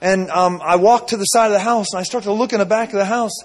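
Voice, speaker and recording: A man's voice: sits high, steady tone, fast. A man preaching a sermon, telling a dream with many asides and repeated phrases.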